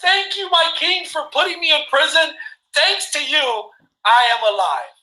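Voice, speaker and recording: A man voicing an endlessly optimistic male royal counselor who keeps calmly repeating his reassurance. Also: very high-pitched, fairly quick, reverberant, low-quality recording. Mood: fervent.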